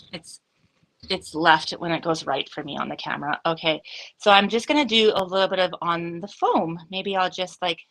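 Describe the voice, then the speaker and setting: A woman's voice: on the low side, pushed and bright, poor audio. A woman hosting a live craft demonstration, chatty and upbeat, thinking aloud with frequent fillers. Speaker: craft studio host.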